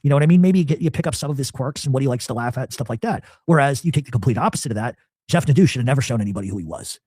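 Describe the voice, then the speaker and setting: A middle-aged man hosting a podcast, telling stories in a profane, animated casual chat. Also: medium pitch, racing, husky, no echo, clean studio sound. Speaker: podcast host.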